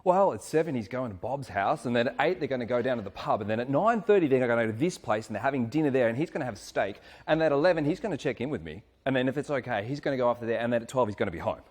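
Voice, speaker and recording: A man playing a chatty woman who lists every detail of her partner's night out, in a brisk, breathless run. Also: medium pitch, animated, voice pushed up, lightly acted. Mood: eager.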